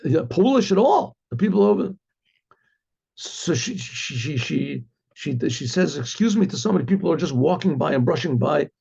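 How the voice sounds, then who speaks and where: A man with a fairly high, husky and gravelly voice tells a story as a rabbi. He acts out the voices of the figures in an animated way and keeps clearing his throat. The recording is dull and lo-fi. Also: moderate pace. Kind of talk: storytelling narration.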